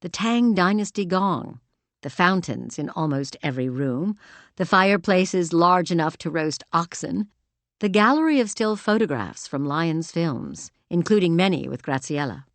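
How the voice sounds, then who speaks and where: Low-voiced woman reading a romance audiobook. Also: normal speed, dry recording. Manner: expressive storytelling. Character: emotional woman, heroine. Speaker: audiobook narrator. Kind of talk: scripted narration.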